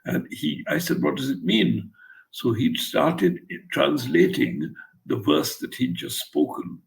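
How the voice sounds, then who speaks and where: An older man's deeply gravelly voice, full of fry, rises and falls in a lively way. He is an author from India, telling a story in an interview with blunt, wry humour. He acts out the lines of the people in his story. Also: takes it slowly, rough recording. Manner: wry, blunt anecdotal storytelling with acted-out quotes.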